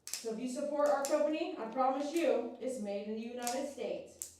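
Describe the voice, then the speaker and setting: A woman's voice: high-pitched, normal speed, darkish tone, recorded from a distance, a little hiss or hum. Coaxing woman in an echoey room. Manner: soothing, coaxing, repeats herself to the dog. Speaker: dog groomer. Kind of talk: casual talk while grooming a dog. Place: grooming room.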